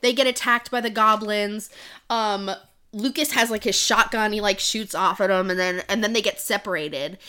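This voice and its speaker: A woman's voice: mid-range voice, moderate pace, sharp tone, clear, resonant tone. A young woman co-hosting a podcast, retelling a novel's plot in a rambling casual way full of "like". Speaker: podcast co-host. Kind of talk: casual book-recap chat.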